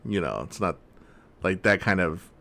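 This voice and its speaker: A man co-hosting a podcast in casual chat, talking in a halting, hesitant way full of fillers. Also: sits low, expressive, vocal fry, fairly bright tone. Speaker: podcast co-host.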